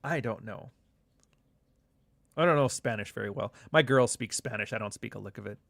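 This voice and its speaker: A man's voice: lowish voice, moderate pace, gravelly, fairly bright tone, no room sound. A middle-aged man hosting a live show, chatting casually with viewers and reading their comments in a loose, profane, joking way. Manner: loose, profane, joking banter with frequent asides.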